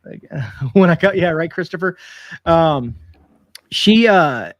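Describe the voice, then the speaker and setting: A man's voice: on the high side, animated, slow, dry recording, muffled recording. A man hosting a casual live-stream chat, laughing easily and rambling between comments. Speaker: preparedness channel host.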